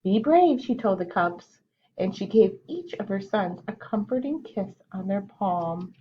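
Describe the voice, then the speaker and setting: A woman's voice: medium pitch, a little slow, a little hiss or hum. A woman teacher at storytime, reading a picture book aloud and stopping to ask the kids questions and explain words. Her voice sits in a middle range, and the recording is slightly dull and muffled. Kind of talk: children's storytime read-aloud.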